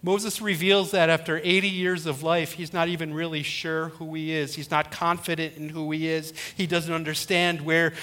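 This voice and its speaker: A man's voice: fairly high pitch, pushed and bright. A middle-aged male pastor preaching a sermon, retelling a story and acting out the quoted voices.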